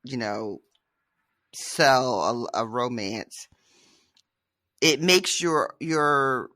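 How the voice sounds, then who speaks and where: A woman's voice: very deep voice, extremely slow, a bit bright, no room sound, studio quality. A woman co-hosting a podcast in casual book-discussion chat, emphatic and laughing often. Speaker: podcast co-host.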